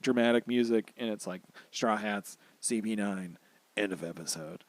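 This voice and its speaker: A man co-hosting a podcast, recapping an anime in casual, animated chat, swearing and acting out characters' lines. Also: on the low side, normal speed, no room sound. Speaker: podcast co-host.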